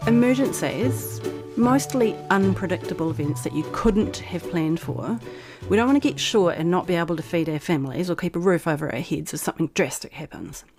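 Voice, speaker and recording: A woman's voice: on the low side, darkish tone. A woman vlog host who reads her old blog post aloud in a frank, persuasive way, then reflects on it.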